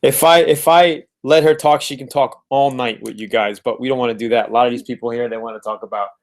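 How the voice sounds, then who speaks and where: Hosting a casual live webinar about flipping cars from his home, a man speaks fast in a steady, medium-pitched voice. He's upbeat and tends to repeat words as he greets viewers.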